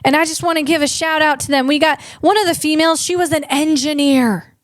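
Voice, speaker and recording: A woman comedian hosting a podcast, delivering a rambling, animated comic monologue full of restarts. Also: high-pitched, brisk, no room sound, clean studio sound.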